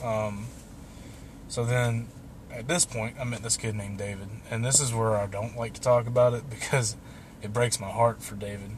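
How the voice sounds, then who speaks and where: A man's voice: medium pitch, steady tone, moderate pace, background noise. A young man telling a long personal story in a loose, casual way, swearing and laughing now and then. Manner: loose and profane, laughing through the tale.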